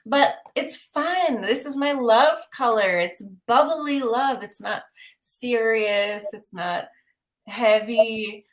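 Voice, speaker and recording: A woman's voice: a little high, slow pace. A woman giving intuitive art readings on a livestream, upbeat and chatty, asking lots of rhetorical questions. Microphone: livestream mic.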